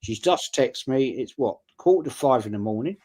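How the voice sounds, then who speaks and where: A man's voice: mid-range voice, moderate pace, a little hiss or hum. An older man telling blunt, sweary stories in casual live-stream chat. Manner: blunt, sweary storyteller, loud and animated. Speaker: guest on a fan stream.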